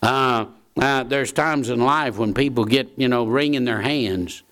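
A man's voice: medium pitch, unhurried, a bit bright. A man preaching a sermon in a folksy way, repeating key phrases for emphasis.

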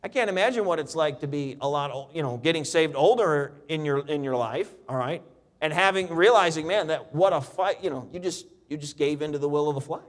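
A middle-aged man preaching a sermon, reading scripture and telling stories with lively, animated delivery. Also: fairly quick. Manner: animated storytelling preacher, reads scripture in a lower, steadier voice. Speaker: pastor.

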